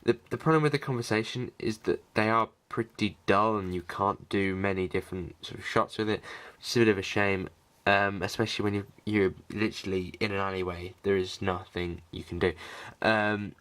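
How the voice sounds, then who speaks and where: A man's voice: lowish voice, fairly even intonation, a little fast, fairly bright tone. A man vlogging behind the scenes in a casual, rambling way, with many fillers and restarts. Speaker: vlogger, filmmaker.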